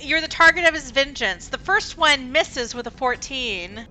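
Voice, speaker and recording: Lively woman game master, bright voice. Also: high voice, moderate pace, faint music behind, low-quality recording. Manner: lively, animated narration of dice rolls and attacks. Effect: glitchy, robotic dropouts from bad connection. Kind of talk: running a tabletop game over voice chat. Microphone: voice chat call.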